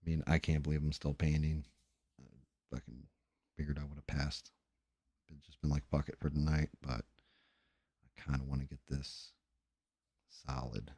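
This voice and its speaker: A man's voice: extremely low pitch, little pitch movement, moderate pace, gravelly, pauses often, mellow, breathy edge, no room sound. A tired man hosting a livestream, chatting casually and profanely in a rambling, mumbling way while he paints. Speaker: livestream host.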